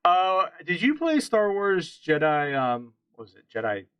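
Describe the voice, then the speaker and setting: Bright-voiced opinionated podcast man. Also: high voice, wildly swooping pitch, unhurried, clear, resonant tone, no echo, poor audio. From central Pennsylvania. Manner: opinionated, rambling with restarts. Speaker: podcast co-host. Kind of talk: casual chat about games.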